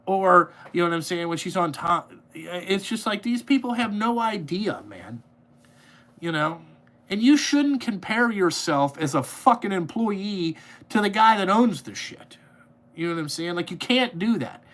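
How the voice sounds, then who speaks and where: Angry profane man ranting, high-pitched. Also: pushed and bright. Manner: angry, profane, rambling with repeated fillers. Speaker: podcast host, trucking business owner.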